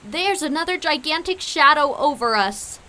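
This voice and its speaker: A woman voicing a fast, jumpy male roadrunner who shouts eagerly in a storybook reading. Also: high-pitched, lively intonation, pitched above the performer's own voice.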